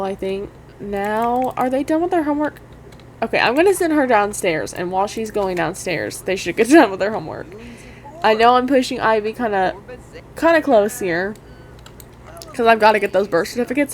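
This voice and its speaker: A young woman giving casual, excitable commentary over a life-sim game, talking straight to her viewers and gushing nervously. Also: mid-range voice, slight background noise. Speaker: gaming YouTuber.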